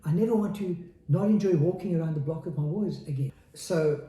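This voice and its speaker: A podcast guest in his forties from South Africa gives a candid, earnest interview, using repetition of phrases for emphasis. His voice is fairly high and mellow, and his pace is brisk. The sound is roomy.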